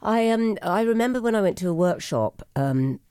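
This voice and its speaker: A woman hosting a chat, talking in a rambling, halting way and getting emotional. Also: mid-range voice, expressive, mellow, smooth, no room sound, studio quality. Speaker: host. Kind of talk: casual chat.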